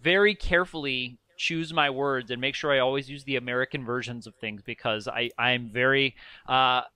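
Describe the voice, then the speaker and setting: A man's voice: medium pitch, steady tone, moderate pace, sharp tone, clear, resonant tone, dry recording. A man from the American Midwest who lives abroad, co-hosting a casual podcast chat and slipping into quoted voices. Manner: chatty, mimics people in quoted voices. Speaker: podcast co-host living in Ireland.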